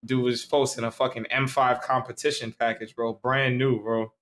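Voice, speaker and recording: A man's voice: medium pitch, flat delivery, moderate pace, fairly bright tone. A tipsy young man from Staten Island, co-hosting a podcast in loose, rambling casual chat full of slang and swearing. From Staten Island, New York. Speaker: podcast co-host.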